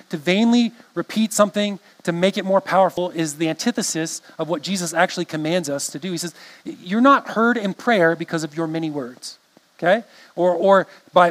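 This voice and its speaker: A man's voice: high voice, rough recording. A man preaching a sermon in a conversational way, often restarting phrases and checking in with the congregation. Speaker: pastor.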